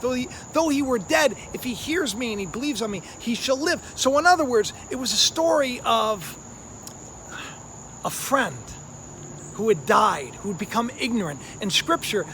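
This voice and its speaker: A man with a very high, light voice preaches in a loose, conversational way. He leans on fillers and tag questions as he talks. Faint outdoor ambience, like crickets, sits softly behind him. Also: a little hiss or hum. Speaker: online preacher, channel host. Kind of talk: casual sermon.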